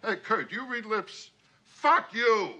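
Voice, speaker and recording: A brash wisecracking rich older dad, high voice, lively swoops, movie comedy. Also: male voice, slow pace, background noise. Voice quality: brassy joke-cracking delivery. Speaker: film character.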